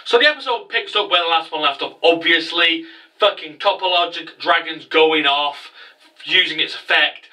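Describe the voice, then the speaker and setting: A man hosting a casual anime recap vlog, excitable and sweary with quick asides. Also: a little high, far from the mic, poor audio. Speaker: anime review host.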